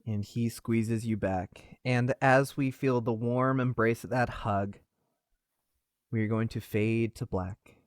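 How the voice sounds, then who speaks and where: A man's voice: mid-range voice, slow pace, no room sound. Male GM, easygoing descriptive narration, dry close recording. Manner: relaxed, descriptive storytelling. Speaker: game master. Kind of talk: narrating a tabletop game.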